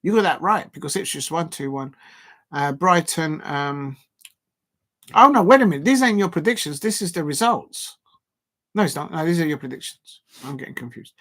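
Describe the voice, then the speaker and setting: Brief: male stream host, raised pitch, animated and indignant, chatty fan commentary. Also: moderate pace. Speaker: football watch-along host. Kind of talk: live-stream chat reading viewer comments.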